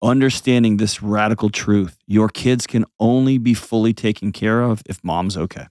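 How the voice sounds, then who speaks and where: Low-voiced man coaching a caller. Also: normal speed, darkish tone, no echo, studio quality. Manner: blunt, coaching, vivid imagery. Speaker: host. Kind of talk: advice call-in show.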